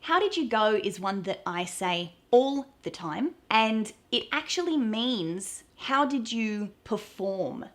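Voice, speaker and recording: A woman from Australia with an Australian accent, explaining slang phrases in a playful, cheerful way and acting out examples. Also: medium pitch. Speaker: accent coach.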